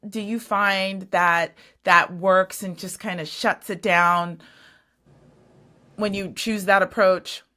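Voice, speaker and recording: Woman host, bright tone, curious questions. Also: mid-range voice, steady tone, slow. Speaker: podcast host. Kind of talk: interview questions.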